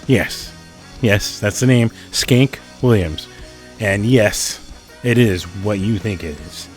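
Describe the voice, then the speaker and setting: Guy hosting his music show, low voice, swears and laughs a lot, soft music under him. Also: slow. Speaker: host. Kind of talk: casual podcast chat.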